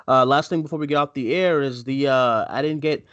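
Rambling through casual live-show chat full of fillers and restarts, this film podcast co-host speaks fairly quickly in a medium-pitched, slightly bright voice. The recording is dry and dull lo-fi, with no room sound.

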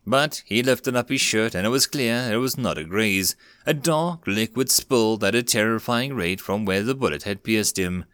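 A man narrating a dramatic story in a steady reading voice. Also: fairly low pitch, normal speed, few pauses, smooth, no echo, studio quality.

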